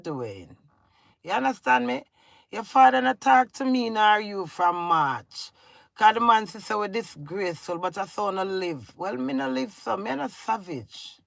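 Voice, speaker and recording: A woman's voice: on the high side, vocal fry, no echo. A middle-aged Jamaican woman ranting to her husband in a scolding, confrontational way, talking in patois. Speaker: vlogger. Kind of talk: emotional rant to camera.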